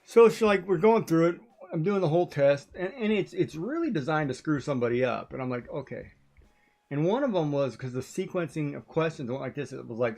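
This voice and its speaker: A man on a casual stream tells a long story in a rambling, animated way, with lots of asides. His voice sits at a middle pitch with a gravelly edge. He sometimes drifts away from the mic as he draws. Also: brisk.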